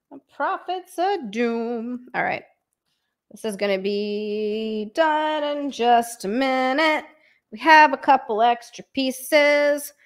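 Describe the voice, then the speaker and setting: Chatting on a live stream from a room at home, a young adult woman with a voice on the high side speaks at a slow pace, excitable and chatty as she thanks viewers by name and bursts into squeals.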